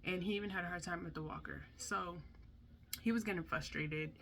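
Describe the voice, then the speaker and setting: A young mother telling a storytime in a chatty, animated way, with a lowish but bright, forceful voice. She drops into lively impressions of the people she quotes. Faint room noise sits under her voice. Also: a little fast. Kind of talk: candid storytime vlog.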